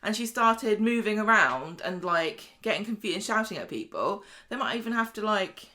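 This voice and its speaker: A woman co-hosting a casual podcast, chatty, retelling scenes with quick asides. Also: medium pitch, expressive, sharp tone. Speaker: podcast co-host. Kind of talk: casual soap recap chat.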